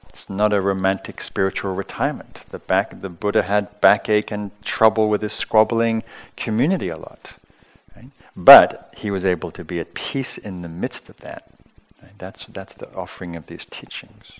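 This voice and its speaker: Deep-voiced, gentle meditation teacher. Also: male voice, fairly even intonation, moderate pace. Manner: gentle, conversational, many fillers; warmly humorous. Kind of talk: dharma talk at a retreat.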